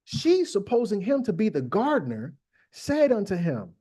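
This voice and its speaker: High, lively-voiced man riffing on scripture. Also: slightly rough. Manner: irreverent, slangy, animated storytelling; halting with fillers and restarts. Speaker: podcast host. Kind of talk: comic Bible reading and riffing.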